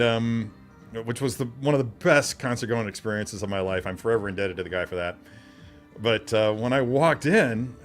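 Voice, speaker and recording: A middle-aged man hosting a live stream, chatting casually, rambling and answering viewers' comments. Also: medium pitch.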